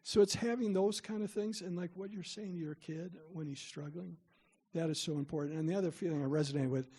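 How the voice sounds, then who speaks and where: A man's voice: sits high, steady tone, fairly quick, dark tone, husky. A middle-aged man giving a parent workshop, telling chatty, self-deprecating stories to the room. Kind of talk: storytelling talk to parents.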